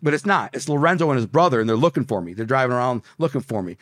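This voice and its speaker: A man's voice: mid-range voice, expressive, rapid-fire, fairly bright tone, no echo. Man telling an intense story, dry sound. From Detroit area, US. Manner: intense, vivid, slangy retelling. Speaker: podcast guest. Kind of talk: storytelling in a podcast interview.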